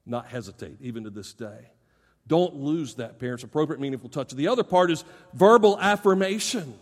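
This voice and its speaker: A middle-aged male pastor preaching a sermon. He speaks straight to parents, swinging from loud emphasis to soft, low asides. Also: expressive, fairly quick. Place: church sanctuary. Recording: long reverb of a large church hall.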